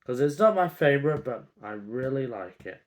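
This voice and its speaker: A man's voice: mid-range voice, expressive, normal speed. A man, grading football merchandise in a chatty, opinionated vlog full of ums. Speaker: football vlogger. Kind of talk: casual grading commentary to camera.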